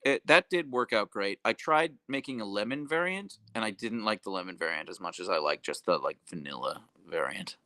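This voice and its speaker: Young adult man, livestream host, rambling casual chatter, lively pitch, dry close sound. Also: brisk, few pauses, dry recording. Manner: rambling, self-correcting, reads chat messages aloud. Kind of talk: casual live-stream chat.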